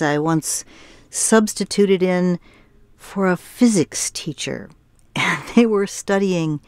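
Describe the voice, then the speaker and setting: Low, slow-speaking woman radio host. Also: clean tone, no room sound. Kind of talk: radio show presenting.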